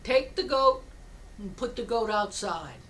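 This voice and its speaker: A woman voicing a wise old village rabbi who gives advice in a calm, deliberate way. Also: medium pitch.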